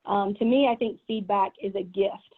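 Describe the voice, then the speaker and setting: A woman's voice: mid-range voice, fairly even intonation, moderate pace, breathy edge. A middle-aged woman with a Southern US accent giving an earnest leadership talk as a business executive, with frequent "um" and "you know" fillers. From American South. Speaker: guest speaker, business executive. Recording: tinny phone-like line from online event.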